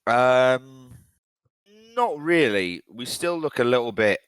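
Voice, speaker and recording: A man's voice: medium pitch, lively intonation, takes it slowly, fairly bright tone, clean tone, no echo. A young man from England, co-hosting a casual football podcast in a blunt, rambling, sweary way. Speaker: podcast co-host.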